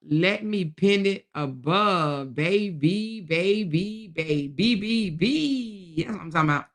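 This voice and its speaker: A woman hosts a live stream in a voice of middling pitch, talking casually to her viewers. She is animated and slangy, with plenty of repeated exclamations aimed at her chat. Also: vocal fry.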